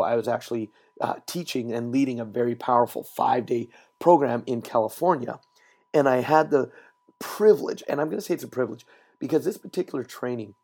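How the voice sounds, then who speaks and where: A male podcast host speaking at a middling pitch with a gravelly, fry-tinged edge. He tells stories in an animated way and repeats key words for emphasis. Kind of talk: solo motivational podcast talk. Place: recorded while traveling.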